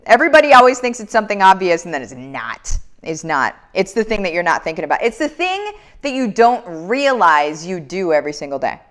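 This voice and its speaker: A woman's voice: on the low side, sing-song, a little fast. A woman in her thirties hosting a casual live Q&A, reading out viewer comments in an upbeat, motivational way. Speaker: live Q&A host.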